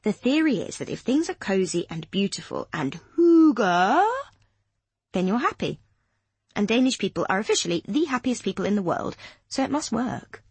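A woman voicing a chatty, enthusiastic young woman who speaks loftily, in a slightly husky voice. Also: mid-range voice, sing-song, moderate pace, a little mellow, no echo, full character voice. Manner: lofty, enthusiastic.

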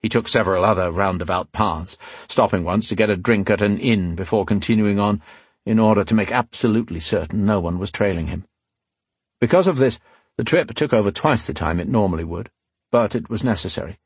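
Low, husky male audiobook narrator. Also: brisk, no echo. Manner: steady, even storytelling.

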